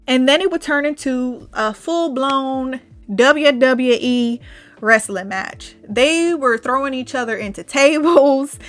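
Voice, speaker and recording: A young adult woman hosting a podcast, telling a personal story candidly, laughing now and then and acting out the people she quotes. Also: high voice. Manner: candid, laughs through dark memories, acts out quoted voices. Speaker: podcast host.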